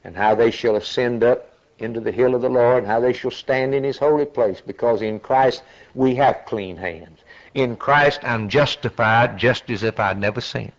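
A man preaching a sermon in a slow, dramatic way, climbing to loud high peaks. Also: dull audio.

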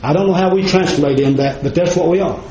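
A man preaches a sermon to his congregation in a folksy, plain-spoken way, talking to them directly. His voice is fairly high and a little mellow, he talks fast, and the recording is roomy and slightly dull with slight background noise.

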